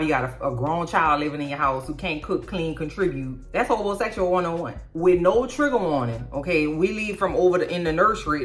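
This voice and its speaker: A woman's voice: deep voice, fairly bright tone. A woman hosting a casual show recap, blunt and profane, with mocking asides. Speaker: YouTube recap host. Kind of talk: casual reaction commentary.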